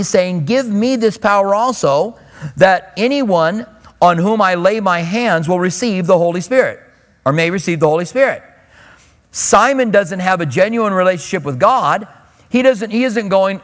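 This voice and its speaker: A man's voice: high-pitched, expressive, moderate pace, long reverb tail. A male pastor preaching a sermon in a conversational way, acting out the voices he quotes. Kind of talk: expository sermon.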